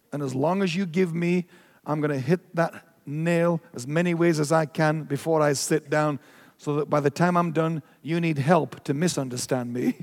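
A man preaching a storytelling sermon, animated and emphatic, acting out his own reactions. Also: fairly high pitch, in a large hall.

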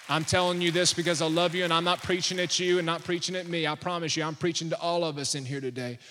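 A man preaching a sermon as pastor, fervent and exhorting, rising at times to shouts. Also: fairly high pitch, little pitch movement, fairly quick, long reverb tail.

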